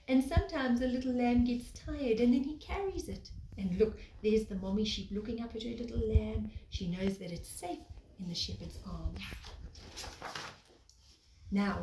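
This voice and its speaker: A preschool teacher reads a picture book aloud to young children in a gentle, sing-song way, stopping to point at the pictures. Her voice is a little high, and the room is echoey with faint background noise.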